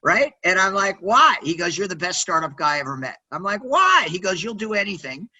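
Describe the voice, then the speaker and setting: A man in his sixties, a podcast guest telling stories in a loud, high-energy, quirky way, often tagging sentences with "right?". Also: fast talker, rough recording. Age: 60s. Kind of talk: energetic interview storytelling.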